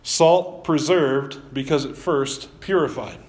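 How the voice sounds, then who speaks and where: A man preaching a sermon as pastor, talking in a relaxed, conversational way with self-deprecating asides, live-streamed from a church. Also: on the high side, takes it slowly.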